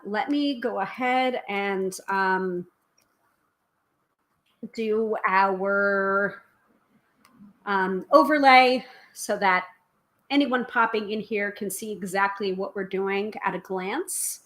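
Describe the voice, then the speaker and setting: An American woman hosts a tarot live stream in a loose, chatty way. Her voice sits in an ordinary middle range for a woman. She talks quickly, fills pauses with "um" and stops to read out her viewers' comments. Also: mid-range voice, fairly bright tone. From United States. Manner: quick, chatty, many filler ums, reads viewer comments aloud. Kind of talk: casual live stream chat.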